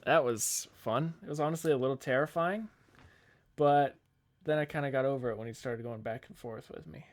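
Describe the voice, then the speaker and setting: A man's voice: medium pitch, a little fast. Young guy on a podcast rambling through a story, cusses a lot, acts out what people said. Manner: rambling, animated, swears freely, quotes people in his story. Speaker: podcast co-host. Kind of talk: casual storytelling.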